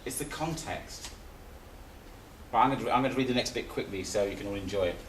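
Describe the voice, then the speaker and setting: A man's voice: fairly low pitch, fairly quick. A man teaching a live seminar in a conversational, repetitive way, often restating his points. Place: seminar room. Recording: echoey room, distant mic, faint hiss.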